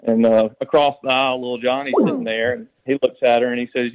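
A man calling in to a sports radio show, telling a joke in a rambling, halting way. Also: medium pitch, creaky, darkish tone, no room sound, dull audio. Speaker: caller. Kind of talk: casual call-in chat and joke telling.

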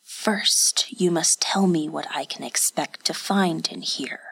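A woman voicing a scheming male feudal lord in a hushed, muttered whispered role-play. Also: sits low, takes it slowly, gravelly, breathy edge, heavily acted.

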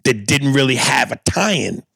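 Gravelly-voiced man reading listener mail. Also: medium pitch, animated, measured pace, a bit bright, no echo. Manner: wry, dry reader who stumbles and corrects himself. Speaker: podcast co-host. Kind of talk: casual chat, reading listener emails aloud.

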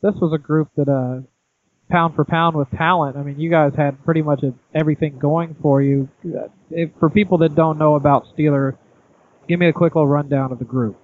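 A man's voice: fairly high pitch, steady tone, fairly quick, phone-quality sound, soft background music. A man hosting a podcast, giving an upbeat introduction and prompting his guest. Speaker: podcast host. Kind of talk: podcast interview.

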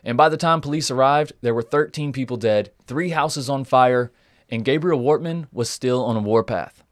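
Male host, mid-pitched, dry close sound, casual storytelling with joking asides. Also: moderate pace, dry recording. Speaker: podcast host. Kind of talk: casual podcast chat.

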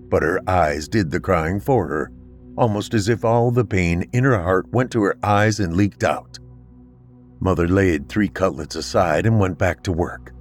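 A man with a lowish voice reads a scripted horror tale in a measured, grave way. Soft music sits faintly under his narration. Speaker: podcast narrator.

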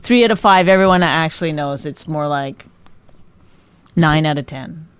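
A woman's voice: low voice, normal speed, clean tone, dry recording. Teasing woman in dry close-mic chat. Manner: teasing, needling, laughs often. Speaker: podcast co-host. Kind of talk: casual bickering chat.

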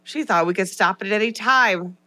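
An American woman co-hosting a casual podcast, animated and playful, often repeating words as she talks and reads a listener's review aloud. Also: medium pitch, a little fast. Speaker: podcast co-host.

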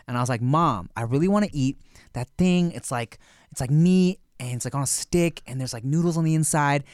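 A man's voice: a little high, a little fast, dry recording, clean studio sound. A man co-hosting a podcast, telling stories in casual chat with lots of laughs. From United States. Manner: animated storytelling, swearing, laughing often. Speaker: podcast co-host.

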